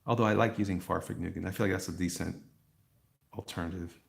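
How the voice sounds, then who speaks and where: Low gravelly guy rambling to his chat while drawing, self-mocking, chuckles a lot. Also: fairly even intonation, brisk, pauses often. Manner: talks to the chat. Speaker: live-stream host.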